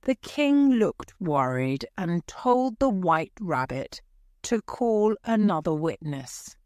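Woman reading a story for english learners, really slow, lowish voice, dry close sound. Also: big pitch swings, a little mellow, no room sound. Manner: clear, careful and unhurried.

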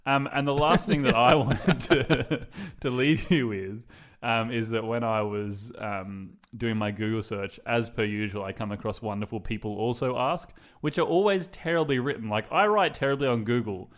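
A man's voice: mid-range voice, moderate pace. A young Australian man chatting on a podcast, retelling a story loosely with lots of "like" and playful asides. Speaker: podcast co-host. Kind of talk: casual podcast chat.

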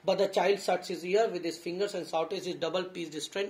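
A man teaching a story lesson, reading lines aloud and then paraphrasing them with halting restarts. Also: sits high, steady tone, darkish tone. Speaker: school teacher.

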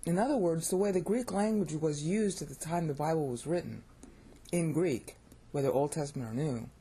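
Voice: medium pitch, warm tone, slightly rough. A speaker with an American accent giving an informal spoken lesson on biblical Greek. They keep checking in with "okay?" and "all right?" and sound out Greek phrases to show the flow.

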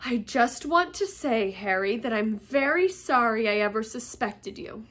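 A woman reading aloud, voicing an earnest teenage schoolboy who speaks slowly and formally. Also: a little high, lively intonation, a bit bright. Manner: slow and formal.

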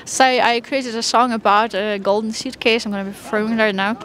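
A woman street singer answering interview questions quickly, with many fillers. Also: fairly high pitch, fairly even intonation, fairly bright tone. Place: busy outdoor street. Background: crowd.

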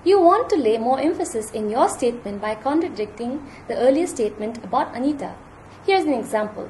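A university lecturer, a woman with an Indian English accent, works through a recorded lesson in a measured, formal way. Her voice sits fairly high and moves with lively pitch, the tone mellow rather than bright. A faint hiss runs under the recording. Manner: measured, formal teaching delivery.

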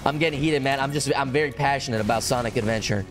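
A young man streaming a game, chatting casually and rambling with excitement, swearing and breaking into high whoops. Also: fast talker, faint music behind. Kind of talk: casual gameplay commentary.

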